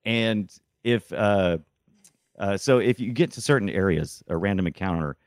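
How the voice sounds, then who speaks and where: A man's voice: on the low side, moderate pace, no room sound, studio quality. Rambling man in casual game chat. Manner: rambling, restarts often, excitable. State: sick, congested. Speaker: podcast co-host. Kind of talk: casual chat about games.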